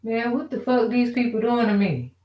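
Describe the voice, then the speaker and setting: A female vlogger vents in a casual, rambling rant, frustrated, profane and full of rhetorical questions. Her voice is a little high and animated, at a moderate pace. The audio is dull, recorded in an echoey room.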